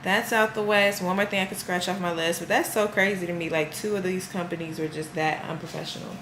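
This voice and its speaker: A woman talks to her camera in a loose, chatty vlog style, recounting her day with amused exasperation. Her voice sits on the lower side. The room around her is roomy and echoey, with a faint hiss of noise beneath. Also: fairly even intonation, fast, a bit bright. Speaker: vlogger.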